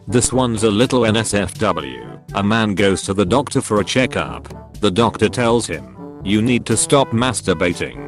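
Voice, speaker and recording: Male narrator, low and lively, deadpan joke reading, faint music underneath. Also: moderate pace. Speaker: narrator reading Reddit posts. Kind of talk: scripted narration of jokes.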